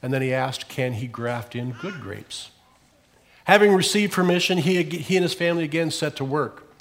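A male pastor preaching a sermon in a church, telling a story and pressing hard on key phrases before dropping low at the ends. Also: animated, moderate pace, a bit bright, slight background noise.

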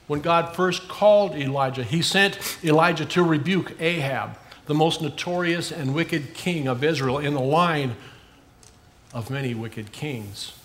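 A man preaching a sermon in an earnest way, rising for emphasis and dropping soft at the ends of phrases. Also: fairly high pitch.

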